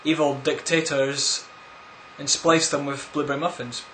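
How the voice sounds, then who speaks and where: A man's voice: on the high side, level tone, measured pace, pushed and bright, a little hiss or hum. A man answering viewer questions in a casual, rambling vlog, full of crude, absurd jokes. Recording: echoey room.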